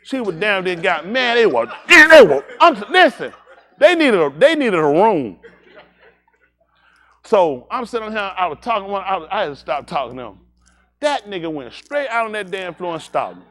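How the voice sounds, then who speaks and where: Lively, high-voiced man telling a story. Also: normal speed. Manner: animated, repeats "I said", laughs through the story; preachy, direct warnings to young listeners. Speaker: speaker at a livestreamed congregation. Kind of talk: anecdotal storytelling with a moral.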